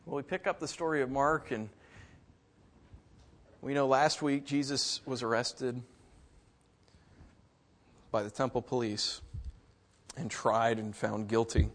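A middle-aged man preaching a sermon, telling a childhood story with lively, animated delivery and mimicking other voices. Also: medium pitch, slow, long pauses. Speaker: pastor. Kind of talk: sermon with personal stories.

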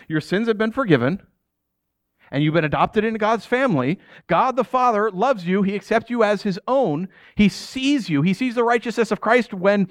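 A middle-aged pastor giving a sermon in a conversational, jokey way, often asking the audience questions. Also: male voice, sits high, no room sound, studio quality.

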